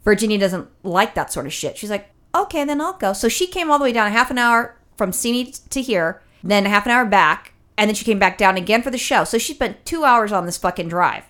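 A woman tells a rambling story in casual conversation. She swears freely and acts out what other people said. Her pitch sits in the middle for a woman. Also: a little fast, few pauses. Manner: animated, profane storytelling with acted-out quotes. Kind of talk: casual chat.

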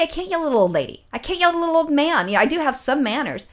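Woman co-host, casual story, lively and profane, acts out the quotes. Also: high voice, very fast, hardly any pauses. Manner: animated, swears freely, acts out quotes.

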